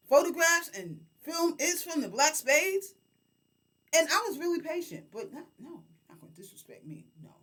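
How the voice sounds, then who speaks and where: A woman's voice: high voice, a bit bright. A woman around sixty, a community leader, ranting straight to camera in an indignant, profane and emotional way, speaking directly to the people she is angry with. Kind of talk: direct-to-camera vlog rant.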